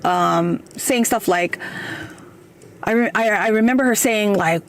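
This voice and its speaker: A woman's voice: mid-range voice, takes it slowly, background noise. A woman in her thirties telling a personal story in a casual, hesitant way, with many fillers, and she acts out the quoted lines. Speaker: guest storyteller.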